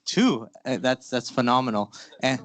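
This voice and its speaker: A man's voice: mid-range voice, lively intonation, moderate pace, fairly bright tone. A man moderating a conference panel, upbeat and enthusiastic, asking the audience questions with frequent fillers.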